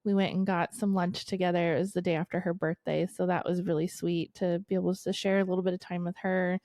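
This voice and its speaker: A woman's voice: lowish voice, flat delivery, quick pace, warm tone, no room sound, studio quality. A woman in her thirties co-hosting a podcast, telling a story in casual chat, swearing freely and laughing often. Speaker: podcast co-host.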